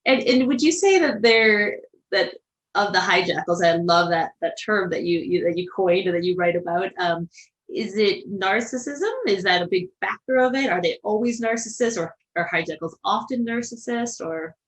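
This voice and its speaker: A woman podcast host interviewing a guest, effusive and full of soft affirmations. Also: mid-range voice, moderate pace, poor audio. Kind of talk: casual interview chat.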